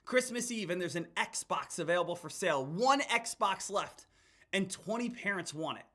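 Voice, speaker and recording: Here a man speaks at normal speed in a high-pitched, expressive voice with a sharp tone. His stock market commentary is emphatic and repetitive, full of hype, and he keeps calling viewers "guys" and "team."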